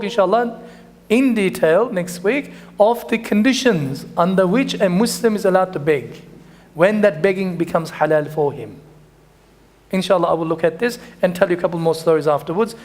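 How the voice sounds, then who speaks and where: A man with a notably high voice delivers a religious lesson to a congregation. He tells anecdotes in a conversational way, slipping in Arabic phrases, and ends in prayer. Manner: storytelling with Arabic phrases and dua. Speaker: imam.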